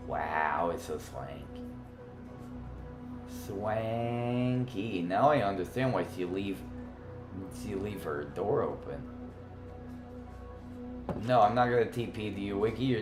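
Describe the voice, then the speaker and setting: A man livestreaming a game, chatting playfully and teasing his viewers. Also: low voice. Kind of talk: casual gaming livestream chat. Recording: roomy echo with faint music.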